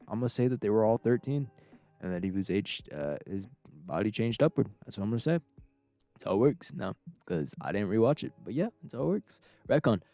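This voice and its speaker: Rambling gravelly guy telling a story. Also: fairly low pitch, dark tone, dry recording. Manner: rambling, laughing, crude slang. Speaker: YouTuber. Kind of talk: casual comedic storytelling.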